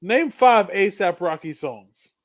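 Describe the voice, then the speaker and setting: A joking, animated man trades banter with friends on a podcast. His voice sits a little high for a man, and he bursts into loud laughs. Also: slow pace. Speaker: podcast co-host. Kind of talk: casual chat.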